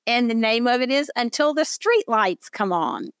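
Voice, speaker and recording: Older Southern woman, podcast host, effusive chatty delivery, slightly high voice, dry close sound. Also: expressive, moderate pace, clear, resonant tone, no echo. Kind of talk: casual interview chat.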